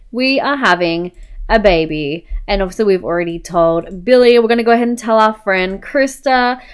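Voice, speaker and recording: A woman's voice: on the high side, clean tone. A young woman casually commenting while playing a life-sim game, chatty and playful. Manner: chatty, says "go ahead" often. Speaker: let's-play host.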